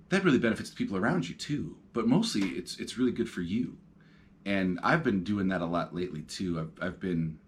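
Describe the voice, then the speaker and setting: A man in his thirties hosting a podcast, talking casually and reflectively from his couch at home, rambling with plenty of ums and uhs. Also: on the low side. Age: 30s. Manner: rambling, reflective, lots of fillers. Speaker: podcast host. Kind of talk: casual solo talk.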